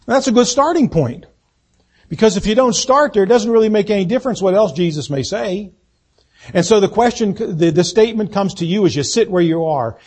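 A man preaching a sermon as pastor, swelling to emphatic lines and then dropping to quiet asides. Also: high voice, animated, normal speed. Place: church sanctuary.

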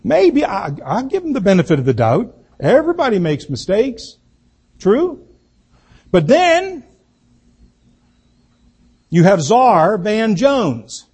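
A man giving a political speech, slow and emphatic, repeating key words for effect. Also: high-pitched, wildly swooping pitch, darkish tone, slightly rough. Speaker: political speaker.

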